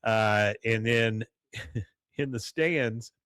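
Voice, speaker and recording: A man's voice: on the low side, very slow, a bit bright, no room sound, studio quality. A man hosting a podcast, casually recapping a cartoon episode with lots of "uh" and acted-out quotes. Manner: rambling retelling full of "uh" and acted-out quotes. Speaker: podcast host.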